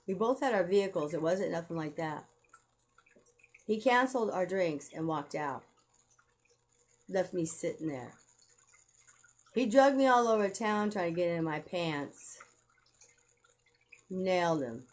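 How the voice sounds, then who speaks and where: A woman's voice: on the low side, lively intonation, measured pace, long pauses. A woman telling a rambling personal story to camera, blunt and profane, heated as she goes.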